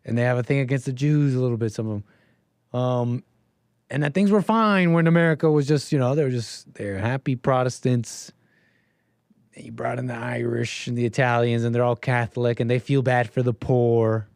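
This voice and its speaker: A man's voice: mid-range voice, fairly even intonation, normal speed, a little mellow, clean tone, no room sound, studio quality. A man hosting a casual livestream, talking in a sarcastic, rambling way and mocking what he reads aloud. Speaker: livestream host.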